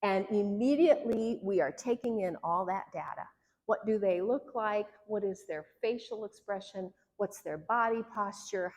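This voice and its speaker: A woman's voice: medium pitch, darkish tone. Earnest woman teaching in a reverberant hall. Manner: earnest, conversational, acts out quoted lines. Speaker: marriage therapist. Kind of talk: workshop teaching.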